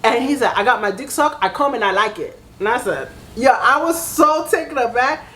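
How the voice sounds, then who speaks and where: A young woman vlogger telling a casual storytime, animated, swearing freely and acting out both sides of an argument. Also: fairly high pitch, brisk. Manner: animated, swears freely, keeps saying "baby" and "right?", acts out both sides of a fight.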